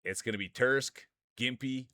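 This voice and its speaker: A man's voice: mid-range voice, normal speed, pushed and bright, dry recording, studio quality. A man streaming live, commentating marble races and bantering with chat, rambling and laughing often as he jokes.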